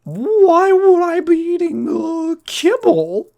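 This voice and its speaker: A man voicing a timid young boy in a squeaky, high put-on voice. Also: sing-song, slow pace, creaky, warm tone, exaggerated voice. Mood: confused.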